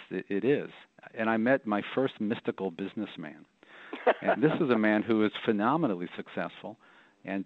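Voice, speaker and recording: A middle-aged rabbi and author with a lowish voice tells his story as an interview guest, speaking reflectively and often repeating words. The recording is dry, coming through a tinny phone line.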